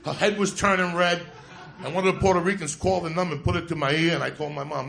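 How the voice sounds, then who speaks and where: A man doing stand-up storytelling from New Jersey, profane and animated, with loud bursts of shouting. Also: a little high, quick pace, gravelly, roomy sound. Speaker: stand-up comedian. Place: comedy club stage with a laughing audience. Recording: live stage recording with crowd.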